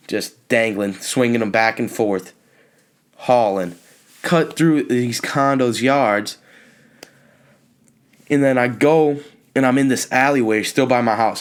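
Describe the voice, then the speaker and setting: A young man hosting a podcast, telling a comic story in an animated, exasperated rant with sudden high-pitched outbursts. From California. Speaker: podcast host. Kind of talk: comedic storytelling monologue.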